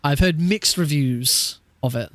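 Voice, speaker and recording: A man's voice: fairly high pitch, unhurried, a bit bright, dry recording. A man streaming a speedrun practice, chatting casually with viewers, laughing often and swearing freely. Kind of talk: casual live-stream chat.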